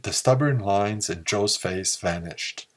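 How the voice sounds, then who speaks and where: Low-voiced guy reading an old pulp story, slow and measured. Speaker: audiobook narrator. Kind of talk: scripted narration of a pulp story.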